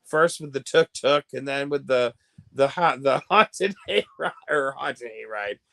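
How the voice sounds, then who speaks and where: An American man hosting a casual livestream, gossiping and reacting to viewer comments, laughing often and swinging between hushed asides and loud bursts. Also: mid-range voice, unhurried, vocal fry, no room sound. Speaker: livestream host.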